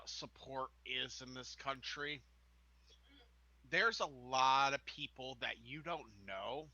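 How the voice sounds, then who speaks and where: A man co-hosting a live-streamed talk show, speaking earnestly and emphatically in measured statements. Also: mid-range voice, pushed and bright, dry recording, low-quality recording. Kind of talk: casual chat.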